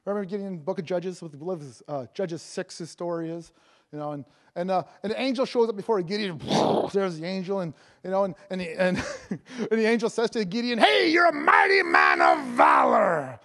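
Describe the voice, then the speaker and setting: An evangelist with a notably high voice delivers a sermon in a brisk, slightly mellow way. He stays casual and playful, laughing between points and stumbling over fillers and restarts.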